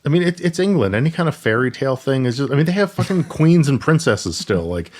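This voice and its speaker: A man's voice: medium pitch, big pitch swings, quick pace, a little mellow. A man co-hosting a podcast, making wry asides while chatting casually about a movie. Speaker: podcast co-host. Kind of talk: casual movie-review chat.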